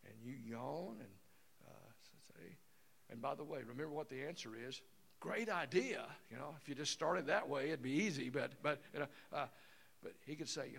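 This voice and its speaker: A man's voice: medium pitch, moderate pace, creaky, fairly bright tone, slightly rough. A man in his sixties giving a folksy, rambling teaching talk, acting out everyday scenes with voices. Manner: rambling, acts out scenarios with voices. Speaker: seminar speaker.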